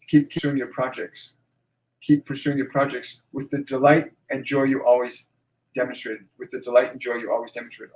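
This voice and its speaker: A man hosting a live Q&A as a medium, relaying messages and repeating phrases slowly and emphatically. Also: mid-range voice, a little mellow, reverberant, poor audio. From Canada.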